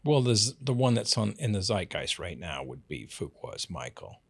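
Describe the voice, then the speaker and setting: An older man, a guest actor, telling animated anecdotes in a casual interview. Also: fairly low pitch, moderate pace, gravelly, slightly rough, dry recording. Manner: animated storyteller, lively anecdotes.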